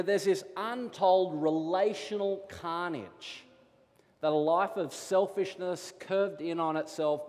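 Man, pastor, sermon, thirties, slightly high voice, echoing church hall. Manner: animated storytelling, acts out his children's voices. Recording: long hall reverb.

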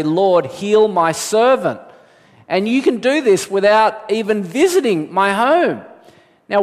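High-voiced preaching man in a reverberant hall. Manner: animated preaching, acting out quoted voices with big pitch jumps. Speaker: pastor. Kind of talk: sermon.

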